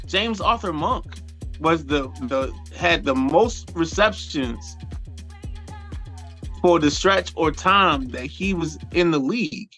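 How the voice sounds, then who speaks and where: A man sports talk co-host, gravelly and a bit high, keeps cutting in to argue, faint music bed. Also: expressive, slow pace, a bit bright, poor audio. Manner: interrupts, repeats "hold on". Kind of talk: heated sports debate.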